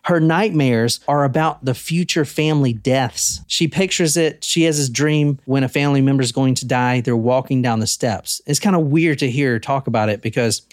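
A man's voice: mid-range voice, normal speed, hardly any pauses, no room sound, clean studio sound. A man hosting a podcast, telling a true haunting story in a loose, casual way, swearing freely and filling gaps with "like" and "you know.".

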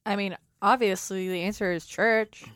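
A woman's voice: medium pitch, steady tone, moderate pace, fairly bright tone, dry recording. A woman in a casual true crime podcast chat, adding wry, dry-humored remarks.

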